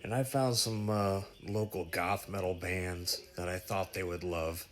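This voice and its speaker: A man telling the story of a strange dream in a casual, animated way, swearing freely. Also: deep voice, unhurried. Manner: animated, profane, breathless retelling. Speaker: vlogger recounting a dream.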